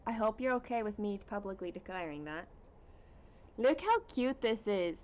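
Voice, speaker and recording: A woman hosting a casual cross-stitch livestream at home, chatting with viewers and reading out their comments in an unhurried way with plenty of fillers. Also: medium pitch, expressive, a little mellow, highs cut off.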